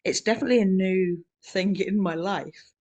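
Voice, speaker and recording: A woman's voice: mid-range voice, a little mellow, muffled recording. Chatty New woman telling a story. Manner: rambling, chatty storytelling with many fillers; quick laughs between remarks. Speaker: podcast co-host. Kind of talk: casual conversation.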